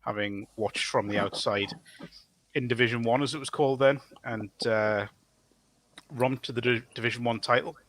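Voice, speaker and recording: A man's voice: medium pitch, fairly even intonation, normal speed, fairly bright tone, slight background noise. A man speaking as a podcast guest, talking in a thoughtful way with fillers and restarts. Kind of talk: casual podcast chat.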